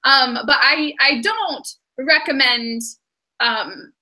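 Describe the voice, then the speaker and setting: A woman's voice: sits high, slow pace, pushed and bright. A woman giving a casual tarot and astrology reading, chatty and often breaking into giggles. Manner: giggly, chatty, many fillers.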